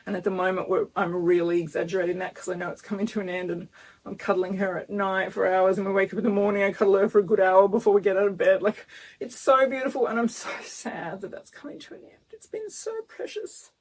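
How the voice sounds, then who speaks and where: A woman's voice: mid-range voice, fairly even intonation, fast. A woman, talking earnestly and emotionally in a casual vlog, filmed outdoors in front of her house. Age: 50s. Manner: emotional, earnest, close to tears. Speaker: vlogger. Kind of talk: casual pregnancy update vlog.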